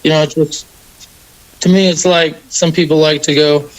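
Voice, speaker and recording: A young man, a mixed martial arts fighter, answering interview questions in a relaxed, rambling way with many fillers. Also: a little high, normal speed, poor audio. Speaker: MMA fighter, guest.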